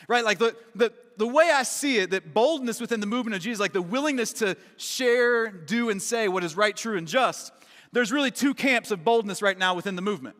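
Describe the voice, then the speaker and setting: A bright, high-voiced man from Kentucky preaching a relaxed, conversational sermon with jokes. His voice rings with a long reverb off a large church auditorium. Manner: conversational and joking, lots of "right?" and "man". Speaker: pastor. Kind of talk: casual sermon.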